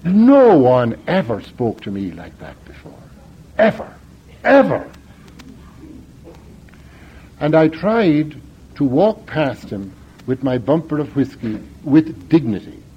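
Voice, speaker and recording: Older irish priest telling his story, big swooping pitch, dramatic, dull lo-fi recording with faint hiss. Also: big pitch swings, measured pace. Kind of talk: personal storytelling talk.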